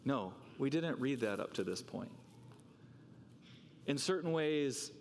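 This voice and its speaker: A man's voice: medium pitch, long reverb tail, slight background noise. A man preaching a sermon, talking with rhetorical questions and repeating words as he works through a passage.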